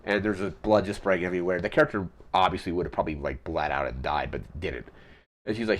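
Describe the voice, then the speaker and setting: Deep-ish guy rambling through a movie recap, lots of ums and likes. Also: quick pace. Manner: rambling, heavy on fillers. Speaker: podcast host.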